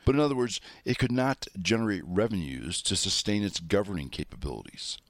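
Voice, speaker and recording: Deep-voiced folksy male talk host. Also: fairly bright tone, dry recording. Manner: folksy storytelling, self-styled country rancher. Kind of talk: political talk show monologue.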